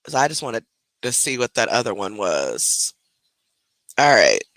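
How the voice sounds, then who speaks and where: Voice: mid-range voice, sing-song, a little slow, a bit bright, no room sound. A host commenting casually on played videos, talking to viewers in slang and laughing openly. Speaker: reaction commentator.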